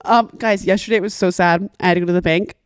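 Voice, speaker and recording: Young female co-host, animated storyteller, playful arguer, dry sound. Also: on the low side, quick pace, clear, resonant tone, dry recording. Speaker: podcast co-host. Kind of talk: casual chat.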